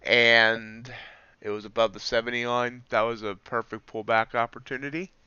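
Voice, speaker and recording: A man's voice: medium pitch, level tone, moderate pace, bright, forceful tone, smooth, no echo, muffled recording. A man live-streaming his trades, chatting casually and joking at his own slips as he explains the charts. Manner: chatty, self-deprecating, explains trades while watching charts.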